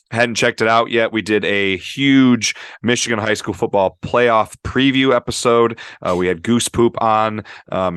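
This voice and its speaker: A man hosting a football podcast in a relaxed, easygoing chat with lots of fillers. His voice sits a bit low, and the recording is very dry and close. He sounds upbeat as he runs through the show. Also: clear, resonant tone, no echo. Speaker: podcast host. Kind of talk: casual sports podcast chat.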